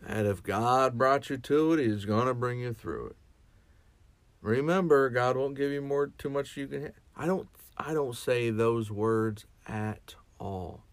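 A man's voice: medium pitch, a little slow, no room sound. A man speaking as a chaplain in a reflective podcast monologue, earnest and often restarting and repeating his words.

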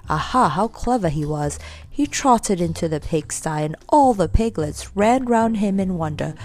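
A woman reading a children's storybook aloud in an expressive way. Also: lowish voice, normal speed.

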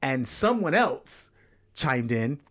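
A man with an English accent, a podcast guest chatting casually and telling animated stories. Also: mid-range voice. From England. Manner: animated storytelling, quick and expressive. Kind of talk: casual chat.

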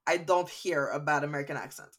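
A woman's voice: sits low, fast talker. A young woman from Canada co-hosting a casual podcast, rambling through cast fun facts. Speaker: podcast co-host. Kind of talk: casual chat.

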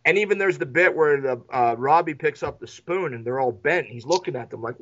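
A man's voice: a little high, expressive, fairly quick, hardly any pauses, fairly bright tone, highs cut off. A man co-hosting a casual movie podcast, swearing freely and acting out characters in quoted voices. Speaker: podcast co-host.

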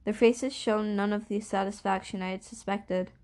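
A woman reading a novel aloud as narrator, in a measured, steady storytelling voice. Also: mid-range voice. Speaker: audiobook reader. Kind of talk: scripted narration.

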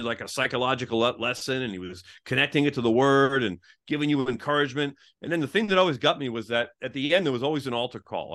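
A man in his fifties telling his life story as an interview guest, animated and conversational, often saying "like" and acting out what people said. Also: mid-range voice. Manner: animated, fills with "like", acts out quoted people in a raised voice. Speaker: interview guest, former pastor.

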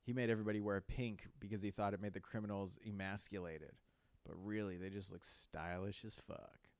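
A man's voice: on the low side, fairly even intonation, fairly quick, clean tone, dry recording. A young man, hosting a podcast and telling rambling stories, swearing and saying "like" a lot. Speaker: podcast host. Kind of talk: casual storytelling monologue.

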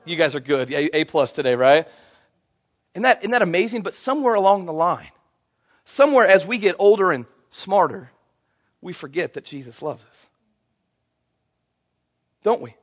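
This pastor's high voice is very animated, moving at a moderate pace with frequent pauses, captured in lo-fi sound. Before a congregation at a church service, he preaches conversationally and calls out for audience responses.

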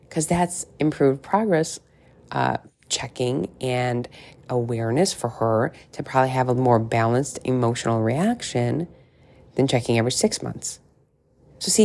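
Rumbling low and creaky, with a dark tone, this middle-aged woman's voice carries a casual podcast monologue on weight loss. She coaches frankly and chattily, cursing freely and wandering into asides.

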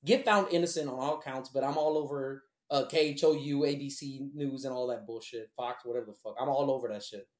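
A man's voice: medium pitch, brisk, hardly any pauses, a little mellow. A man telling a long personal story in a blunt, profane, rambling way. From Houston, Texas. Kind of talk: casual storytelling. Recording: echoey room.

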